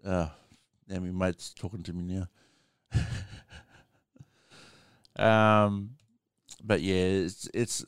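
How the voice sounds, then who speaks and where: A man's voice: sits low, steady tone, drawn-out words, pauses often, clean tone, no room sound, clean studio sound. An Australian man hosting a live stream, chatting casually with callers and swearing freely.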